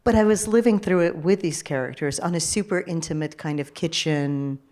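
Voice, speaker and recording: A woman documentary filmmaker speaking reflectively on a festival panel, halting often with "you know". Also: low-pitched, a little mellow.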